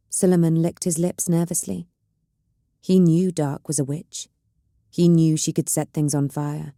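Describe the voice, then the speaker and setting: A woman telling a science fiction audiobook as calm, measured bedtime story narration. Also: low voice, no echo, clean studio sound.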